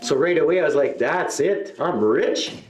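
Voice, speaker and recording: A middle-aged man doing a stand-up comedy set, telling a long story and jumping into higher voices for the people he quotes. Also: lively intonation, moderate pace. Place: live show venue. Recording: echoey live room.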